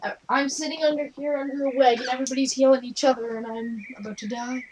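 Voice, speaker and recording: A woman playing in a tabletop game, animated and exclaiming, laughing often. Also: sits high, fast, a crowd in the background, rough recording. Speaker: player. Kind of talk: casual tabletop play.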